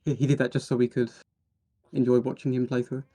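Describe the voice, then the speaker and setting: A man co-commentating on a speedrun tournament in a relaxed, jokey way, laughing easily. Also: medium pitch, fast. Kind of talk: casual live commentary banter.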